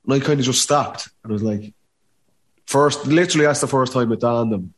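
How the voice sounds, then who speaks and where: A man in his thirties with a Dublin accent tells a story on a podcast. He talks in a loose, chatty way and keeps breaking into quoted dialogue and laughter. His voice sits at a middle pitch. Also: a little fast. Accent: Dublin Irish. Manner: animated anecdote with laughter and acted quotes. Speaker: podcast guest, former footballer. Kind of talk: casual storytelling.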